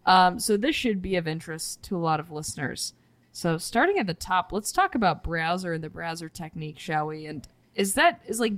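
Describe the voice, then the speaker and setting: A woman co-hosting a casual podcast, joking with puns and laughing often in a quiet studio. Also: fairly low pitch, animated, fairly quick, no echo. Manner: playful, punny, laughs often. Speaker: podcast co-host. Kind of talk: casual cybersecurity podcast chat. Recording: dry studio sound, faint music.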